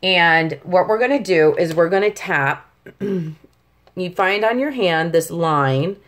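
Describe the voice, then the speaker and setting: A woman's voice: lowish voice, expressive, slow, a bit bright. A middle-aged woman patiently teaching a tapping technique step by step, often checking in with the listener. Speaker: tapping instructor. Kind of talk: step-by-step demonstration lesson.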